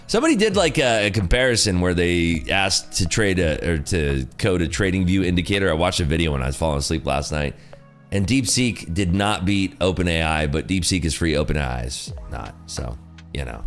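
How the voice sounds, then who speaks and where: Deep-voiced man in lively, rambling chat. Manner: rambling and chatty, full of "like" and "you know". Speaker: day-trading livestream host. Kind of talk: casual livestream commentary.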